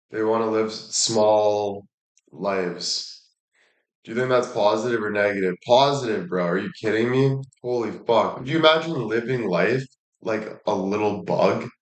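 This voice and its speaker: A man talking in a casual monologue, blunt and emphatic, swearing heavily and repeating himself for emphasis. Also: lowish voice. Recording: echoey room.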